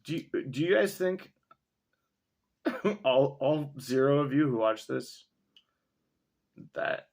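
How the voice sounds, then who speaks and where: A man's voice: mid-range voice, expressive, slow, gravelly, pauses often, a little mellow. Rambling, profane man musing aloud. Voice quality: mustache-wearing man chuckling between remarks. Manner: profane, sarcastic, thinks aloud with many fillers. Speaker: vlogger reading and reacting to a text. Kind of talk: casual rambling commentary.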